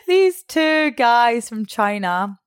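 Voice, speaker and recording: A woman's voice: sing-song, slow, clean tone, dry recording, studio quality. Chatty young woman. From Scotland. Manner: chatty, laughs often, acts out quotes with a jump in pitch. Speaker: guest. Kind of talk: casual storytelling interview.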